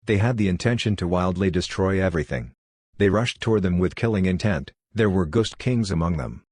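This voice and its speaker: Male audiobook narrator, very low voice, dry close sound, steady read. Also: a little fast, breathy edge, dry recording.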